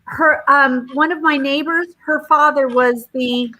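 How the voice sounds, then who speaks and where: A woman in a casual group chat, agreeable and quick to back others up. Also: high voice, steady tone, sharp tone, slight background noise, rough recording.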